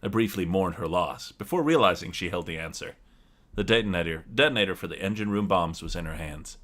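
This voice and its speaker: A man with a very low voice narrates his character's actions in first person during a tabletop story game. He tells it in a steady, descriptive way. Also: brisk.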